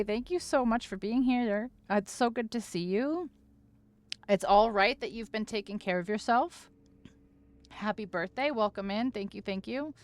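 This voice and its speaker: A woman's voice: mid-range voice, animated, normal speed. Flustered woman streamer gushing thanks. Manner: flustered, gushing thanks to viewers, stumbling over words. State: overwhelmed, close to tears. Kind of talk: casual live-stream chat.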